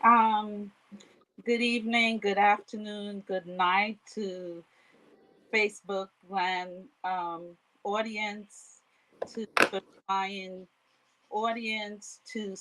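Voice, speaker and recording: A woman's voice: medium pitch, fairly bright tone, low-quality recording. A woman with a New York accent, a guest on a livestream, speaking hesitantly with many fillers. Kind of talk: livestream interview.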